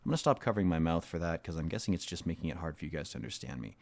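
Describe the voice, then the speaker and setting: Deep-voiced man rambling over a game. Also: lively intonation, very fast, creaky, few pauses, dry recording. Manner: rambling, wry and offhand. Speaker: let's play host. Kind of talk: game commentary.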